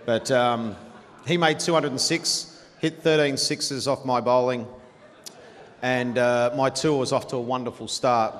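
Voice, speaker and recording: A man's voice: medium pitch, fairly even intonation, a little slow. A man in his forties with an Australian accent, telling a chatty, blunt, profane sporting anecdote to a dinner audience and laughing along. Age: 40s. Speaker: guest storyteller. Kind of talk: after-dinner anecdote on stage. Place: large dinner hall. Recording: reverberant hall, faint room noise.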